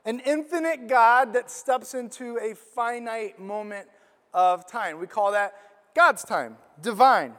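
A middle-aged man preaching a sermon as a personal story, animated and self-deprecating. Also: high-pitched, measured pace. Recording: long hall reverb.

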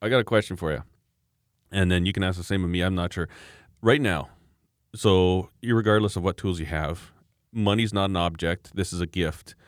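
A man's voice: low voice, moderate pace, no room sound, studio quality. A man in his thirties co-hosting a casual chat, telling stories in a rambling way with restarts and chuckles. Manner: rambling storyteller, frequent restarts and laughs. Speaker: podcast co-host.

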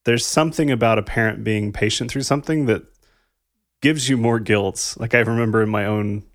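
In a fairly low voice and at a slightly quick clip, a podcast co-host in his thirties shares casual, thoughtful reflections on parenting. He leans on "like" a lot and gives light laughs, and the studio-quality audio has no echo.

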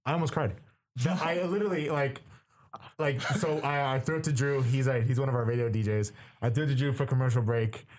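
A young man co-hosting a casual sports chat, telling an excitable, animated story with lots of "like"s. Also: mid-range voice, a little fast. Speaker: co-host, student radio broadcaster.

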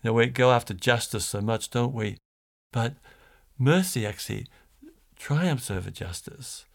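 A priest, preaching in a storytelling way, with many fillers and restarts. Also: male voice, mid-range voice, a little slow, creaky. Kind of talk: sermon.

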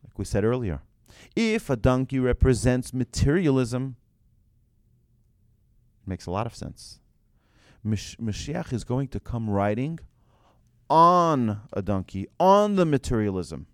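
Animated man teaching a religious lesson. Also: medium pitch, unhurried, no echo, clean studio sound. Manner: animated, asks rhetorical questions, tells anecdotes.

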